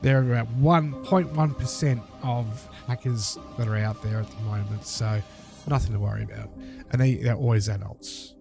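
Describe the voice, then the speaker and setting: A man's voice: mid-range voice, normal speed, creaky, music in the background. A man giving critical commentary over a video clip, lecturing and emphatic, repeating his points.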